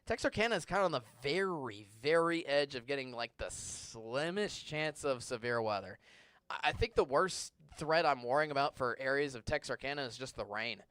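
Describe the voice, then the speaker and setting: A man's voice: medium pitch, lively intonation, moderate pace, a bit bright, clear, resonant tone, no room sound. A male TV meteorologist in a studio, answering viewer questions in a live, conversational weather broadcast and sometimes stumbling over words. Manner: stumbles and restarts when searching for words. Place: TV station studio.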